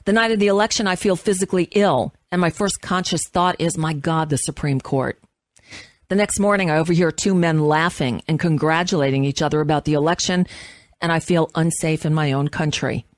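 A woman in her fifties, a radio host, reading an essay aloud with measured, impassioned delivery. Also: sits low, no room sound, studio quality.

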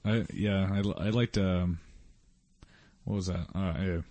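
A man with a lowish voice co-hosting a casual podcast. He is laid-back and agreeable, and he often loses his thread and trails off. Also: fairly even intonation, slow pace, mellow. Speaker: podcast co-host. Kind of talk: casual chat.

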